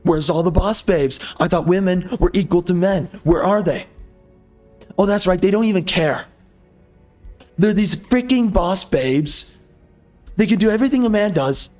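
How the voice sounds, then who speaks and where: A man's voice: sits high, normal speed, long pauses, darkish tone, soft background music. A man from the United States ranting angrily over gameplay, firing off rhetorical questions and minced swear words. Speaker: gameplay video host.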